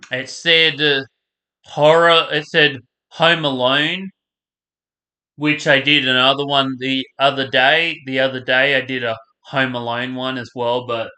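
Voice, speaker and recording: A young man talks casually while reacting to a video, rambling and trailing off mid-thought. His voice is bright and sits at a middle pitch. The room around him is echoey. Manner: rambling, trailing off, talking with mouth full. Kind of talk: casual chat.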